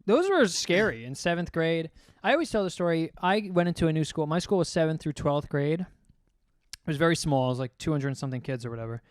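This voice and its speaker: Young male podcast co-host, slightly high voice, loose rambling storyteller, dry close mic. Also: lively intonation, fast, no echo. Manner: rambling storyteller, swears often, acts out quotes. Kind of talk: casual chat.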